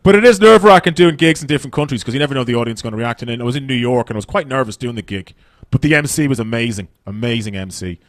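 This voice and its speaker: A man's voice: medium pitch, lively intonation, very fast, hardly any pauses, no room sound. An Irish man doing stand-up comedy on a festival stage, brash and profane, rambling through his stories.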